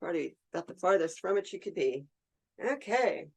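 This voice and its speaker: A woman's voice: fairly low pitch, sing-song, normal speed, a little mellow, slightly rough. A woman hosting a resin art tutorial, chatting casually and talking to herself as she works. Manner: chatty, talks to herself while working, laughs easily. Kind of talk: casual hands-on demonstration.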